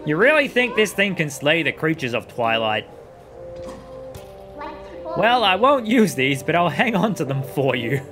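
A man's voice: fairly high pitch, big pitch swings, a little slow, pauses often. A man voicing a mischievous female imp sidekick who talks in a smug, teasing way. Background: game music.

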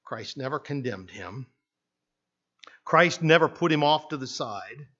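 Impassioned preacher with a dull recording. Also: male voice, mid-range voice, expressive, unhurried. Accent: Canadian English. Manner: dramatic preaching, acting out voices in quotes, swings from hushed to loud. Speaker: pastor. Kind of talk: sermon.

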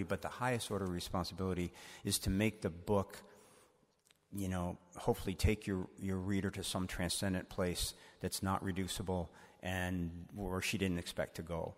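A male author answering audience questions at a book event in a church, thoughtful and wry, often poking fun at himself. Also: low-pitched. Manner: thoughtful, wry, self-deprecating. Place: church used as event hall. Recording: echoey hall reverb.

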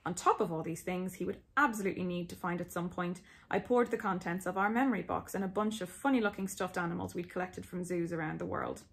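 A woman author reading her own memoir aloud in an intimate, expressive storytelling manner. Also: fairly low pitch, quick pace, vocal fry, few pauses.

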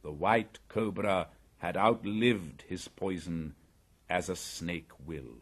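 A man narrating a classic story in an audiobook, with dramatic, measured storytelling. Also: low-pitched, breathy edge. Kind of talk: scripted narration.

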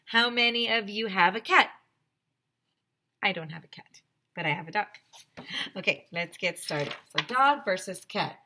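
A woman teacher reading a picture book aloud to children, expressive and gasping with excitement, with chatty asides to the class. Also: medium pitch, normal speed, pauses often.

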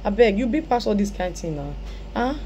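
A woman's voice: medium pitch, expressive, brisk, warm tone, a little hiss or hum. A Nigerian woman commenting on a clip in Pidgin, scolding and advising the man she talks about. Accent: Nigerian Pidgin English.

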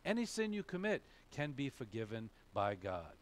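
A man's voice: medium pitch, very animated, moderate pace. A male pastor preaching a sermon, emphatic, asking questions and answering them himself. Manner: emphatic, asks and answers his own questions.

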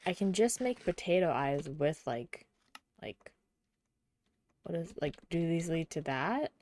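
A young adult woman streaming a video game, chatting casually and giggling, often murmuring quietly to herself. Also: deep voice, animated, a little slow. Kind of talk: casual gameplay chat.

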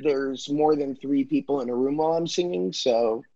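A man's voice: medium pitch, moderate pace, mellow, lo-fi sound. A man, a voice actor, chatting casually on a press panel, joking and self-deprecating.

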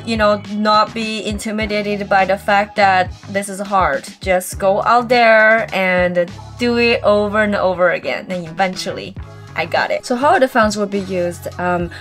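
Chatty woman comedian, English as second language. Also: mid-range voice. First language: not English. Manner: chatty, upbeat, with frequent fillers. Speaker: stand-up comedian. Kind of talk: casual promotional talk to camera.

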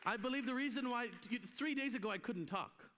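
Crowd noise and a noisy background surround this guest preacher, whose very high-pitched voice moves at a brisk clip. Preaching at a conference, he animatedly acts out the voices in his stories, heard through live stream sound with long church hall reverb.

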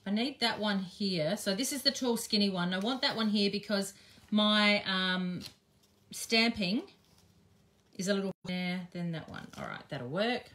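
During a live craft demonstration, an Australian shop owner and craft teacher chats and thinks aloud, often saying um. She speaks at a measured pace in a medium-pitched, slightly bright voice.

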